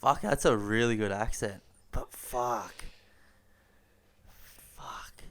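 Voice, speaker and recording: A man's voice: fairly low pitch, takes it slowly, background noise. A man co-hosting a casual podcast, easygoing and encouraging. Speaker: podcast co-host. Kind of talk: casual chat.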